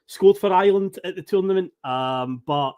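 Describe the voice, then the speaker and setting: A Scottish man in his thirties with a fairly high voice spins rambling stories in a relaxed podcast chat. He acts out bits of dialogue along the way and laughs easily between lines. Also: moderate pace, smooth. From Scotland. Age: 30s. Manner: rambling anecdotes, laughs often, acts out quotes. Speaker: podcast guest storyteller.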